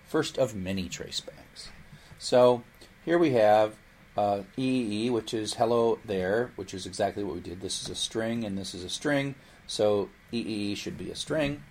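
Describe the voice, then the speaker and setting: A man teaching programming in a recorded lecture, explaining in a lively way with playful asides. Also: lowish voice, normal speed, slight background noise. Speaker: programming instructor.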